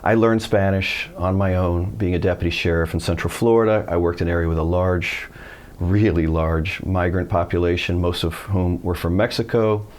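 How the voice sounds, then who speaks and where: Very deep-voiced man teaching Spanish. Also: normal speed. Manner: animated storytelling, acts out quoted voices. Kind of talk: video lesson.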